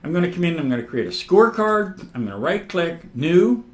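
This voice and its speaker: Man talking through a software demo. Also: fairly high pitch, sing-song, a little fast. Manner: casual, talks through each click, frequent throat clearing. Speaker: software instructor. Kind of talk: screen-recorded software demonstration.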